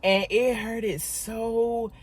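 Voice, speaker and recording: This vlogger, a woman with a higher-pitched voice, speaks extremely slowly as she tells a story in a casual video. Emphatic and animated, she addresses viewers directly and repeats words for emphasis.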